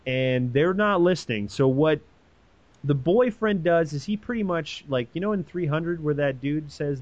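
A man's voice: on the high side, normal speed, dry recording, lo-fi sound. A man casually retelling a story in an irreverent, profane way, acting out the quoted voices. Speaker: podcast host retelling a story.

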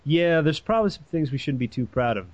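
A man's voice: fairly high pitch, lively intonation, fast, lo-fi sound. A man casually retelling a story in an irreverent, profane way, acting out the quoted voices. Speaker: podcast host retelling a story.

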